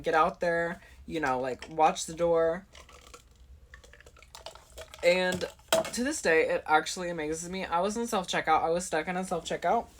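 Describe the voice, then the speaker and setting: A young adult woman vlogger telling a dramatic story in casual chat, full of fillers and asides to her viewers. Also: fairly low pitch. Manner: chatty, dramatic, filler-heavy with constant "like".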